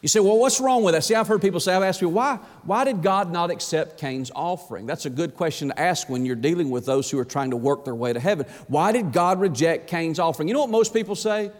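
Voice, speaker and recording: A man with a high voice preaches a sermon with emphasis. He quotes scripture and throws rhetorical questions at his listeners. His words ring out with a long reverb in a big hall. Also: expressive, quick pace, few pauses.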